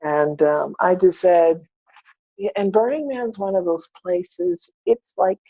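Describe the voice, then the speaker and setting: A woman's voice: mid-range voice, big pitch swings, slow, vocal fry, dark tone, no room sound. A woman guest on a podcast, telling her personal story candidly and acting out her own past words. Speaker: podcast guest, spiritual mentor. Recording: dull, dry lo-fi podcast audio.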